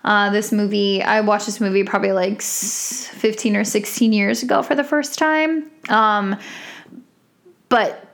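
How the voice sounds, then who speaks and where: A young woman talks through a movie's plot in a relaxed, unscripted way, leaning on "um" and "like" as she goes. Her voice sits at an ordinary middle pitch for a woman. She slips in small giggly asides and restarts as she recaps. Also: unhurried, vocal fry, slight background noise. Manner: chatty, many fillers and "like"s, giggly asides.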